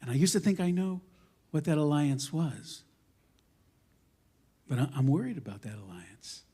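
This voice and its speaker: A man, a rabbi, giving a sermon in a synagogue, emphatic and impassioned, moving between loud declarations and quiet, humorous asides. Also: a little high, big pitch swings, normal speed, breathy edge. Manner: conversational storytelling with self-deprecating humor. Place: synagogue sanctuary.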